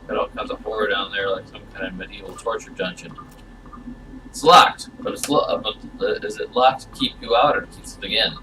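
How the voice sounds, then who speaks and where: A man's voice: fairly low pitch, brisk, distant mic, background noise. A man reading a game's text aloud and adding wry, bemused comments, sometimes stammering. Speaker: gamer playing through a game.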